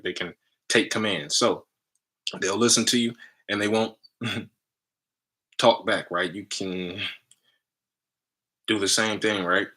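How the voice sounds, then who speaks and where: Deep-voiced man with a forceful delivery. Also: low-quality recording. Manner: talks in loose fragments, tags lines with "right?"; energetic, emphatic. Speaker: spiritual healer hosting a live stream. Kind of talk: casual live-stream teaching. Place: live stream from a room.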